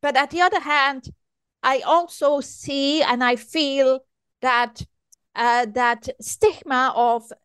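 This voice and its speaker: An older woman hosting an interview, speaking haltingly and searching for words with many pauses on a close microphone. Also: sits high, fairly even intonation, fairly bright tone, dry recording. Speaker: podcast host. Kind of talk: conversational interview.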